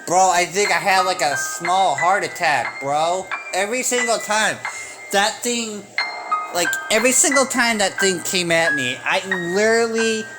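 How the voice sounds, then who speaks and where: A man's voice: high-pitched, unhurried, poor audio. A young man giving nervous horror game commentary, repeating bro and dude as he plays. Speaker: gamer. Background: game music.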